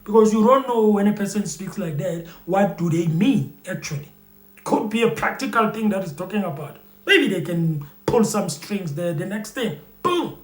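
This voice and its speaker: A South African YouTube commentator rambles casually to viewers, heavy on fillers and repeated phrases. He has a high voice with lively intonation and a moderate pace, recorded with reverb.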